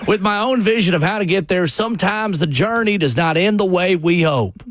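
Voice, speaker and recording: A man putting on a fake Southern accent to read out a football coach's solemn statement, slow and drawn out. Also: sits high, a bit bright, dry recording, clean studio sound, voice pushed up. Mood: mock solemn. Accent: put-on Southern US.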